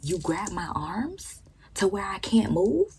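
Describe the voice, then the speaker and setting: A young adult woman vlogger telling a storytime with animated, profane delivery that often drops into emphatic whispers. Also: medium pitch, slow, slight background noise, rough recording. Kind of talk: storytime vlog.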